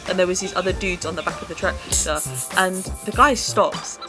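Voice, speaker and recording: Young woman telling an animated story. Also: on the low side, moderate pace. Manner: animated storytelling, laughing often, acts out voices. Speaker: podcast host. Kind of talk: casual chat. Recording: music playing under the voices.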